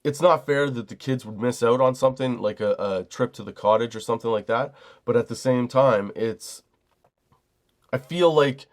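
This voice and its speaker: A man's voice: medium pitch, normal speed. A middle-aged man hosting a comedy podcast, telling a heated, profane story as a single dad. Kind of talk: storytelling monologue.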